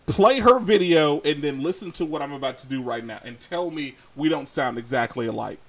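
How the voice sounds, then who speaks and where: A man's voice: fairly high pitch, brisk. A man chatting casually on a livestream, reading chat and teasing, laughing often.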